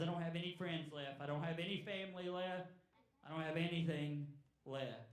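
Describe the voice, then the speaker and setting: Man, preacher, halting and earnest, highish voice, echoey church hall, far from the mic. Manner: halting, repeats words, earnest. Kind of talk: sermon. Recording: echoey room, voice from afar.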